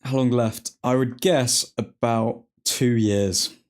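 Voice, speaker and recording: A man's voice: medium pitch, fairly even intonation, slow, a little mellow. A man hosting a football watchalong, reacting live to the match in chatty fan talk full of slang. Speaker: watchalong host.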